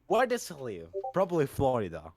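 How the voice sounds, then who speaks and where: A young man co-hosting a podcast, joking in crude, animated banter. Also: medium pitch, brisk, dry recording, soft background music. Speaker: podcast co-host. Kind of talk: casual chat.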